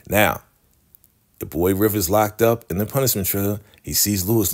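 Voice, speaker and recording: A man's voice: low voice, normal speed. A man casually recapping a TV episode, animatedly acting out the characters' lines. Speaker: TV recap vlogger.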